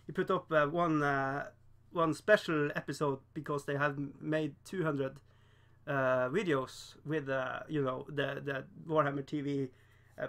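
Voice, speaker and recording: A man's voice: on the high side, fairly bright tone. A man casually chatting on a painting livestream, rambling, laughing often and reading the chat aloud. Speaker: streamer painting miniatures.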